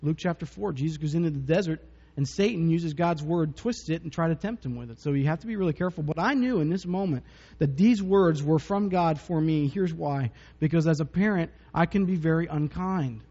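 Here a preacher talks a little fast with few pauses, his mellow voice slightly high, sharing personal stories in a relaxed, joking sermon punctuated by chuckles. Long reverb and a dull, muffled sound mark the recording.

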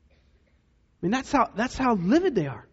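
A man preaching a sermon as pastor, dramatic, dropping to a hush to stress key points. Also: very high voice, sing-song, moderate pace, husky, highs cut off. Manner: dramatic, drops to a hush for emphasis.

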